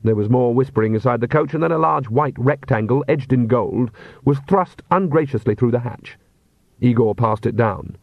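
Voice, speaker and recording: A man's voice: mid-range voice, gravelly, no echo. Man narrating in a dull, dry recording. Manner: measured, dry storytelling. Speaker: audiobook narrator. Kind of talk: scripted narration.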